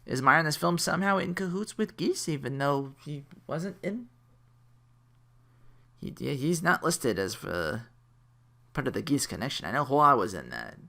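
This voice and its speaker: A man's voice: mid-range voice, very animated, normal speed, creaky, sharp tone. A man giving a casual, rambling, jokey anime review, correcting himself and laughing as he goes.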